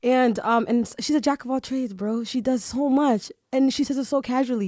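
A woman with a fairly high voice hosts a podcast in a casual, animated way. Her talk is loose and full of fillers like "you know" and "like." The sound is close and dry. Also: moderate pace, no room sound. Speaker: podcast host.

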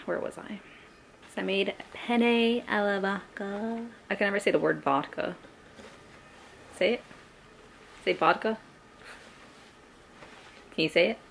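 A woman's voice: mid-range voice, gravelly, a bit bright, slight background noise. A young woman chatting casually at home in a rambling vlog, laughing often as she talks. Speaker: lifestyle vlogger. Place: at home, indoors.

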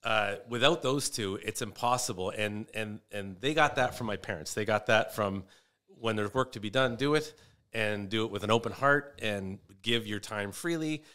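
A man's voice: on the low side, moderate pace, pushed and bright, clear, resonant tone. A man who is a comedian, chatting casually as a podcast guest and telling rambling stories about his family. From Canada. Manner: rambling, storytelling with restarts.

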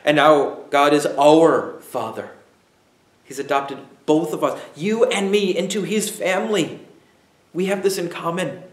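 Emphatic preaching man in an echoey room. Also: on the high side. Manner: emphatic preaching, dramatic pauses and acted-out asides. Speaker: pastor. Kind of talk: sermon.

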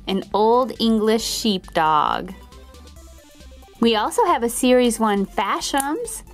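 A woman's voice: fairly high pitch, vocal fry. A woman hosting a toy unboxing video, bubbly and giggly, gushing over each toy she opens. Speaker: toy channel host.

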